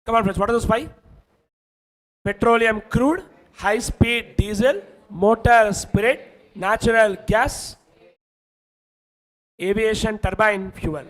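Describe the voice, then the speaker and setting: High-voiced Indian English male lecturer. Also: takes it slowly, long pauses, fairly bright tone, rough recording. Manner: emphatic, keeps checking if students follow. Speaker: teacher. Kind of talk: online exam-prep lecture.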